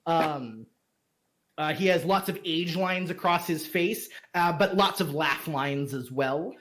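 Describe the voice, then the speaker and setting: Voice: mid-range voice, slow pace, a bit bright. A game master narrating a tabletop game, rambling with many fillers and restarts.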